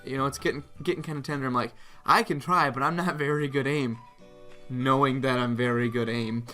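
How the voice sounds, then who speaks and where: Young guy vlogging a story, bright voice, laughs a lot, faint music behind. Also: mid-range voice, a little fast. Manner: animated, laughs often, reenacts others' lines. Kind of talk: casual storytelling.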